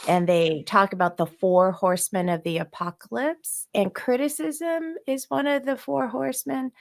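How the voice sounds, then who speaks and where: A woman's voice: on the high side, steady tone, normal speed, vocal fry. A woman co-hosting a podcast, explaining relationship ideas in a thoughtful, conversational way with light laughs. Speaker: podcast co-host.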